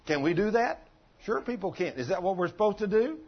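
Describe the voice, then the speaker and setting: A man's voice: sits high, very animated, brisk, husky, dull audio. A man in his late sixties preaching a sermon in a folksy, conversational way, telling stories and asking the congregation questions. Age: 60s. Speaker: pastor. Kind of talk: sermon with storytelling.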